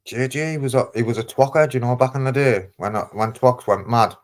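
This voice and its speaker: Quick-talking guy, sweary, street slang, chatting on a call. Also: mid-range voice. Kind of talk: casual chat.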